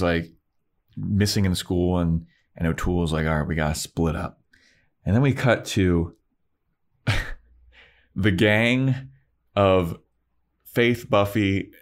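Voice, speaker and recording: A man co-hosting a podcast, chatting casually and slangily while recapping an episode. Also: deep voice. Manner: laid-back, slangy. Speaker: podcast co-host.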